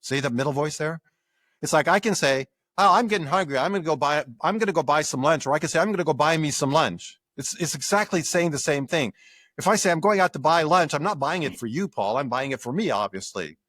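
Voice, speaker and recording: Animated older man explaining scholarship. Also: fairly high pitch, brisk, no echo. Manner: animated explainer acting out examples. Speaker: guest scholar. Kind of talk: academic interview explanation.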